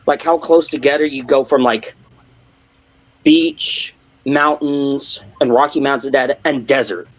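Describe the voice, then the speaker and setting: A man's voice: medium pitch, fairly even intonation, normal speed, hardly any pauses, low-quality recording. A man from Virginia chatting casually on a live stream, rambling and correcting himself mid-sentence. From Virginia, USA. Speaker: stream panelist.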